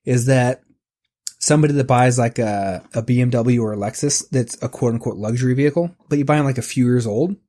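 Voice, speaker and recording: Guy in his 40s ranting on a podcast, mid-pitched, cusses a lot, keeps restarting. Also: warm tone. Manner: rambling, profane ranting, quick restarts. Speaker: podcast co-host. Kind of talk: casual podcast chat.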